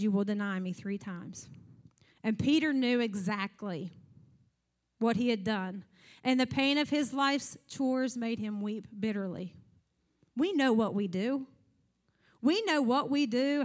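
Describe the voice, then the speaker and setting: A woman preaching a conversational sermon, acting out scripture scenes as she talks. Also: on the high side.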